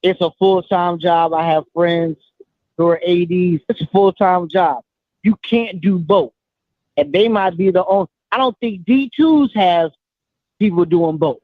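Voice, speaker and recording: A man's voice: high-pitched, a little slow, no room sound. A man calling into a show, making his point emphatically and repeating himself. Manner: repetitive, emphatic. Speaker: caller. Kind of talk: call-in opinion. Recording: tinny phone line.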